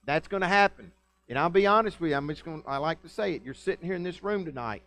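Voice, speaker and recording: A man's voice: on the high side, fast, a bit bright, no room sound. A male pastor preaching a conversational, folksy sermon in a church and often putting questions to the congregation. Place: church sanctuary.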